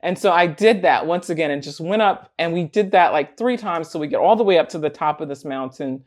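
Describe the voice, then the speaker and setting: A vlogger casually tells a personal story, animated and laughing often as she acts out what people said. Her voice sits low and she talks a little fast.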